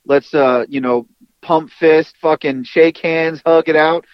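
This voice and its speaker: A man's voice: a little high, fairly even intonation, slow pace, no echo, muffled recording. A man co-hosting a podcast, talking in a brash, hyped-up, slangy way. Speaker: podcast co-host. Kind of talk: casual podcast chat.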